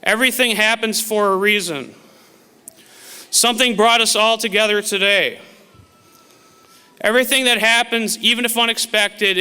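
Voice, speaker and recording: A man's voice: high-pitched, bright, forceful tone, smooth. A man, a teacher, giving an earnest, motivational graduation speech to a class of students. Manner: earnest, motivational, quotes famous sayings. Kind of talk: formal commencement speech. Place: large auditorium. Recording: echoey hall with long reverb.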